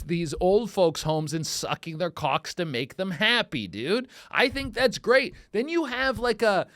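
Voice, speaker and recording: A man in his thirties hosting a comedy podcast, riffing in a profane, rambling monologue that swings from mumbled asides to loud outbursts. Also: high-pitched, no echo, clean studio sound.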